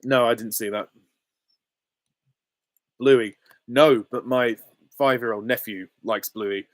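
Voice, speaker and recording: A man's voice: mid-range voice, fairly even intonation, slow, no echo. Giggly man hosting a live Q and A. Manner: chatty, giggly, self-deprecating. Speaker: channel host answering viewer questions. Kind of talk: live stream Q and A.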